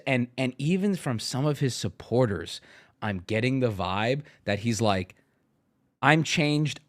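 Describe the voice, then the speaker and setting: A male streamer giving casual, profane live commentary, swinging into loud exasperated rants. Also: mid-range voice. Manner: animated, swearing, rising to loud exasperated rants.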